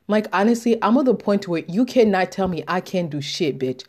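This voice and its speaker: A woman's voice: medium pitch, a little fast. A young adult woman in a self-empowerment monologue, swinging from reflective musing to profane, fired-up declarations. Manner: profane, fired-up, rising to shouts.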